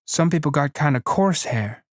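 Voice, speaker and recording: A man's voice: on the high side, lively intonation, normal speed, dry recording, natural voice. Man doing a vain young ranch wife, teasing, complacent, dry close sound. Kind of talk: audiobook reading.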